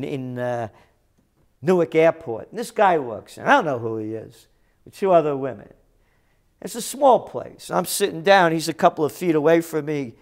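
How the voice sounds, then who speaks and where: A man who forecasts trends, giving a combative, sarcastic ranting commentary that bursts into shouted insults. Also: a little high. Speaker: trends forecaster and journal publisher.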